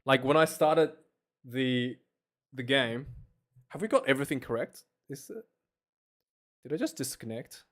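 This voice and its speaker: A man streaming casual live commentary on a match, chatty and jokey, prone to loud incredulous rants. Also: medium pitch, lively intonation, measured pace, pauses often.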